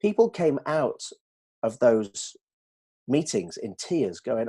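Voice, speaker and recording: A man explaining communication ideas to colleagues in an animated way, checking that they follow. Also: medium pitch, slow pace, husky. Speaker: dental communication trainer. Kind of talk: explanatory discussion.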